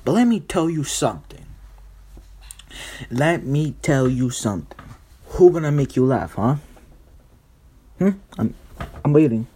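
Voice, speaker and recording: A man's voice: mid-range voice, lively intonation, measured pace, pauses often, dark tone, husky. A young man hosting a podcast, doing a brash, profane comedy monologue. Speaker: podcast host.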